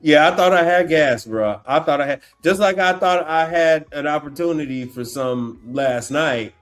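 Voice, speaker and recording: A man hosting a casual livestream, talking in an animated, slangy way, exclaiming and repeating himself as he reacts. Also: fairly high pitch, moderate pace, faint music behind. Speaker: appliance repair tech livestream host. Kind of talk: casual livestream chat while browsing online.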